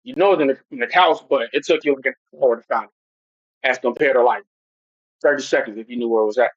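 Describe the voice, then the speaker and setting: A man's voice: medium pitch, fast talker, no echo. A man hosting a casual football livestream who rambles loosely and talks straight to his chat. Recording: dull lo-fi home stream audio.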